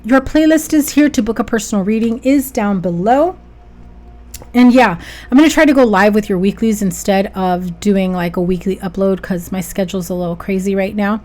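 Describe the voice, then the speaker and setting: A woman's voice: mid-range voice, normal speed, darkish tone. A woman giving a casual tarot reading to viewers, chatty and upbeat, often checking in with "okay?". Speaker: tarot reader.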